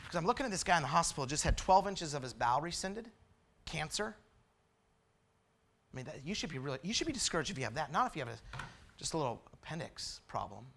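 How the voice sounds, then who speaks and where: A man preaching a testimony sermon, quiet and confessional at times, building to loud, fervent preaching. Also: on the high side, sing-song, fast, vocal fry.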